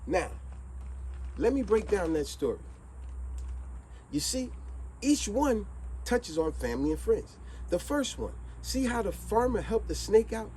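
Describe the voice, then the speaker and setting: A man vlogging a streetwise motivational monologue, retelling a fable with preachy, animated delivery. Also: sits high, unhurried, pauses often, slight background noise, rough recording.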